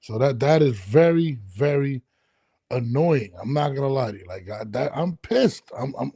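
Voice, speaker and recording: A man's voice: medium pitch, moderate pace, breathy edge, dry recording. A man hosting a podcast from his home studio, talking casually and ranting with lots of swearing. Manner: profane, animated ranting. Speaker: podcast host. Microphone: studio headphones and mic.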